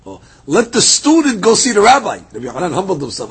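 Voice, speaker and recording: A man teaching a daily Talmud class, reading passages aloud and retelling them as a lively story. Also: sits high, brisk. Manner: lively storytelling, reads Aramaic then explains in English.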